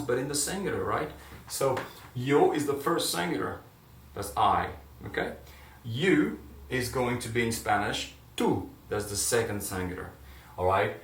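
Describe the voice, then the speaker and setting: A man's voice: mid-range voice, creaky. A man teaching a grammar lesson in a classroom, explaining step by step and checking in often with "right?" and "okay?". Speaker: Spanish teacher. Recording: echoey room, mic at a distance.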